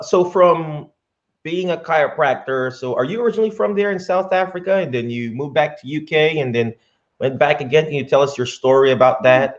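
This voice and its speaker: A man's voice: mid-range voice, lo-fi sound. A man with a Filipino accent hosting a casual interview, chatty and upbeat. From Philippines. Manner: upbeat, chatty, laughs easily. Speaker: podcast host.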